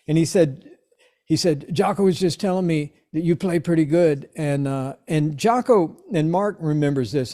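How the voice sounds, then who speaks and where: A middle-aged man telling an anecdote in an interview, lively and acting out the quoted voices as he goes. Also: on the high side. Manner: animated storyteller, acts out quoted voices. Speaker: interview guest. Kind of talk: storytelling anecdote.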